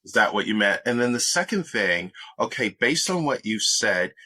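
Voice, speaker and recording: A man who is a motivational speaker, guesting on a podcast and giving upbeat, measured coaching advice. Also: on the low side, very animated, sharp tone, slightly rough, no echo. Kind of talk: interview answers, coaching advice.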